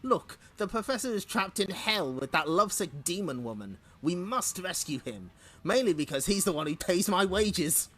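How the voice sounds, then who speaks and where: A man's voice: sits high, expressive, normal speed, a bit bright, slightly rough, full character voice. Give me a man playing an anxious lab assistant, fretful and pleading. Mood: worried.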